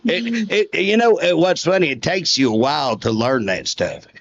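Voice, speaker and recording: A gravelly-voiced man with a drawl spins folksy stories and chuckles as he talks. The recording sounds muffled, with faint background noise. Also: fairly high pitch, expressive, moderate pace. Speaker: state representative. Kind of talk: casual interview.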